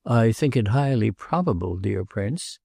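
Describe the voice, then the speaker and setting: A man's voice: fairly low pitch, lively intonation, unhurried, creaky, dark tone, dry recording, heavily acted. A man voicing an elderly woman, tired and blunt, in an audiobook reading. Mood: weary. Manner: dry, tired, refusing.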